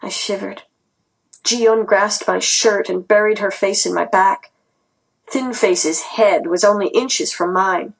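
A woman narrating a first-person story aloud in a tense, earnest reading voice with a husky grain. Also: medium pitch, takes it slowly, low-quality recording. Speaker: audiobook narrator.

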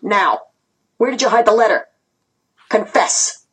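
A woman reading aloud and voicing a cruel male interrogator who taunts and snarls, her voice husky. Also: medium pitch, lively intonation, a little slow, rough recording. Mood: snarling.

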